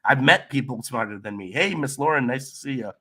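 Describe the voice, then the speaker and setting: Husky, medium in pitch, and brisk, this man's voice comes through nasal and sick, with a slight cough, as he hosts a crypto livestream. He reads comments in loose chat, relaxed and loopy, wandering off and starting over.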